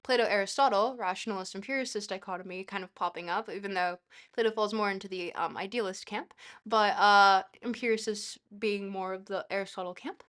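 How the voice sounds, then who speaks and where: A woman's voice: mid-range voice, steady tone, fairly quick, fairly bright tone. A young woman streaming a casual philosophy lesson, reading a text aloud and breaking off to giggle and thank her chat.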